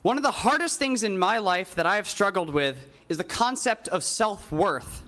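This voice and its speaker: A man with a very high, lively voice and a bright, forceful tone reads a prepared statement. He sounds earnest and pleading. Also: normal speed. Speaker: public commenter. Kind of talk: reading a prepared public statement.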